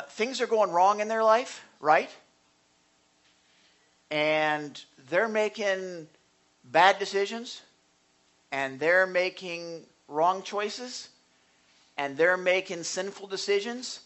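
A male pastor delivers a sermon with a high-pitched, bright voice. He keeps it conversational, putting questions to his listeners and rising into forceful emphasis. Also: expressive, slow pace, pauses often. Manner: earnest, conversational preaching with rising bursts of emphasis; asks the congregation questions.

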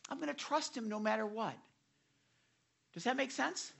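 The preacher's mid-range voice has some vocal fry and moves at a normal speed. Animated and devotional, he retells scripture with frequent restarts while asking listeners questions head-on.

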